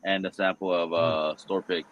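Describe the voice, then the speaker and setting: A man's voice: low-pitched, little pitch movement, moderate pace, a bit bright, muffled recording, slight background noise. A man hosting a livestream among friends, chatting casually and swearing as he jokes. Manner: profane, joking. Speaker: livestream host. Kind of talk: casual chat.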